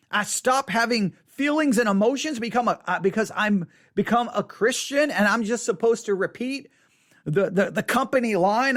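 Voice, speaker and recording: A pastor teaching to camera in an animated, emphatic way, leaning hard on key words. The voice sits at a middle pitch and moves up and down widely. Phrases get repeated and broken up by quick acted-out asides. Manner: repeats words and acts out quick mock quotes.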